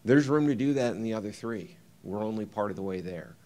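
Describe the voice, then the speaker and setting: A man's voice: on the low side, animated, a little fast, a little mellow. A man giving a conference keynote, talking through slides with many ums and uhs. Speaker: keynote speaker.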